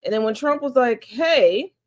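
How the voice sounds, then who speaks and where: A woman's voice: on the high side, big pitch swings, moderate pace. A woman hosting a daily news commentary stream, talking in a sassy, sarcastic way and laughing often. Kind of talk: casual political commentary.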